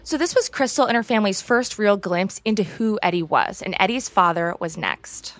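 A woman podcast host giving measured, scripted true-crime narration. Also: mid-range voice, expressive, dry recording. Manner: measured, explanatory.

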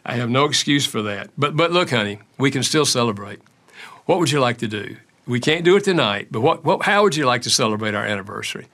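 A man's voice: mid-range voice, lively intonation, quick pace, a bit bright. An older man, an author and counselor, answering interview questions with anecdotes and acted-out quotes. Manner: acts out quoted dialogue in stories.

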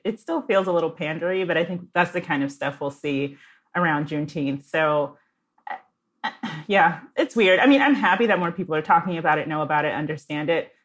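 A woman's voice: low voice, a bit bright. A woman speaking as a podcast guest, thoughtful and conversational, laying out her views. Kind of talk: casual chat.

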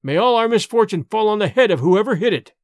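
Man voicing enraged storybook father, harsh commanding shouts, dry recording. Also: sits high, lively intonation, quick pace, no echo, voice pushed up. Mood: furious. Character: grim, furious male peasant father.

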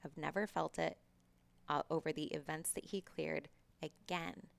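A woman's voice: deep voice, fairly even intonation, normal speed, creaky. A middle-aged woman, a podcast guest, telling a personal story in casual, candid talk, swearing freely and acting out past conversations.

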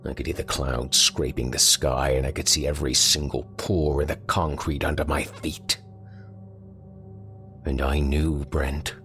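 A man's voice: a bass voice, flat delivery, a little slow, bright, forceful tone, soft background music, full character voice. A man voicing a dying older man with folksy rural grammar, telling his haunted story in a pained, gasping way. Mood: grim, haunted.

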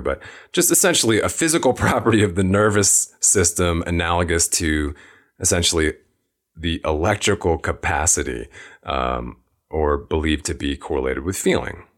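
A male podcast host with a very deep, low voice. He talks in an easy conversational way, reading out definitions and thinking aloud with his guest. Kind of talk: casual interview talk.

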